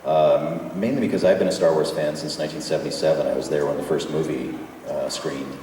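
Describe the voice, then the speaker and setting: A man's voice: very deep voice, fairly even intonation, fairly quick, warm tone. A man answering fan questions at a convention panel, enthusiastic and joking. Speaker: guest voice actor at a fan panel. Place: convention hall. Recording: echoey hall from far off with faint noise.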